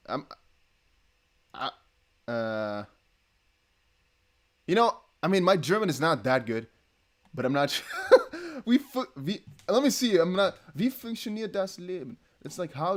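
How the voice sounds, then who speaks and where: A young man from the Netherlands hosting a casual crypto livestream, reading out donations in a rambling, laughing way. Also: fairly high pitch. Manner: chatty, laughing, rambling with restarts.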